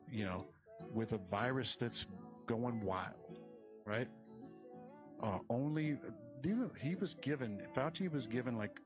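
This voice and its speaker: A man ranting on a podcast, swearing and scattering "you know" through his talk. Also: mid-range voice. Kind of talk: podcast rant.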